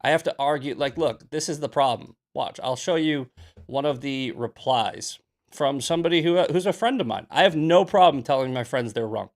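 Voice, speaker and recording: A young political commentator hosts a livestream, answering his chat in a mid-range voice with lively intonation at normal speed. He argues heatedly, combative and ranting.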